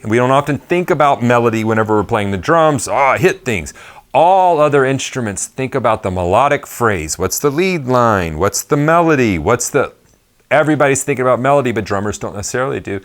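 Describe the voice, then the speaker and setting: A man giving a casual drum lesson at his kit, talking in a loose, chatty way with rambling asides. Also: mid-range voice. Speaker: drum teacher.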